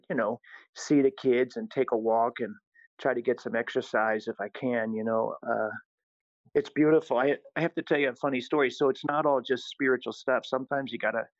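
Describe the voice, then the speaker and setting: A middle-aged priest tells his stories with animated energy and often laughs along. His voice sits at an ordinary pitch. The recording is dry and a little dull. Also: no echo. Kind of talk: casual storytelling. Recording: slightly dull, dry audio.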